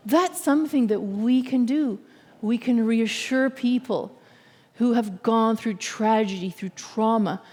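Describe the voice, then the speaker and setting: A woman giving a sermon as a guest speaker in a church, talking in an earnest, measured way and often checking in with her listeners. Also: a little high, warm tone, long reverb tail. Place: church sanctuary.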